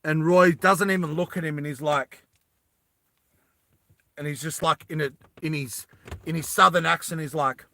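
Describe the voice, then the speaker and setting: A man narrating a tabletop game as game master, in an animated, rambling storytelling style. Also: a little high, normal speed, creaky, long pauses, no echo.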